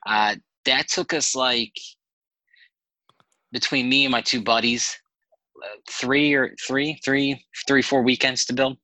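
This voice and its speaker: A man guest on a podcast, telling animated, rambling anecdotes in casual chat and swearing freely. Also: medium pitch, takes it slowly, long pauses, dry recording, poor audio.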